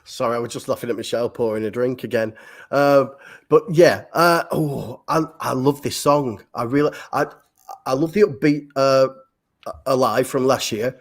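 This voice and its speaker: A man chatting as a panelist, enthusiastic but halting, with many restarts. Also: medium pitch. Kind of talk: casual panel discussion.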